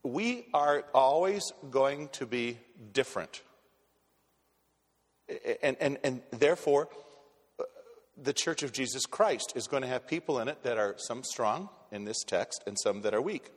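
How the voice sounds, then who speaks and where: A man's voice: mid-range voice, animated, unhurried. A male pastor delivering a sermon in a church, speaking bluntly and conversationally and often restarting his sentences. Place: church sanctuary. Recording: long hall reverb in a church.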